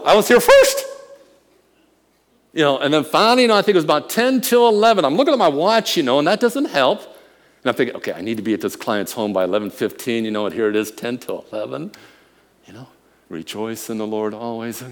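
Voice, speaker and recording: A man preaching a sermon, telling a personal story with quiet murmurs and loud emphatic bursts. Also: fairly high pitch. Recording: long hall reverb.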